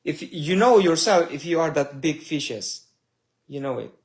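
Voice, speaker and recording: A man preaching a sermon slowly and emotionally, reading scripture loudly and then dropping to soft asides. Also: fairly high pitch, expressive. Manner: slow, emotional preaching with swells and drops in loudness. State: tearful.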